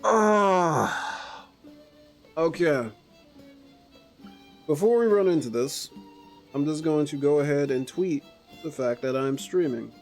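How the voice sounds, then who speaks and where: An excitable man gives casual commentary while he plays a game. His talk swings from quiet muttering to bursts of glee, his voice sits slightly high, and faint game music plays behind him. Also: a little slow, pauses often. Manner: chatty and excitable, jumping between mutters and gleeful outbursts. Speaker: streamer.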